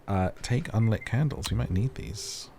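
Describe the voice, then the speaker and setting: A man's voice: lowish voice, moderate pace, noisy background. A man reading a story game aloud with playful, joking asides to viewers. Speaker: gaming video creator. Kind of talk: playthrough commentary and read-aloud. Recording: game music playing behind.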